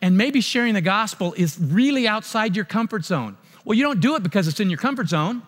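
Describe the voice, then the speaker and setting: A man preaching a sermon, telling a mission story with animated, acted-out dialogue and frequent restarts. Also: sits high, fairly quick, long reverb tail. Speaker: pastor.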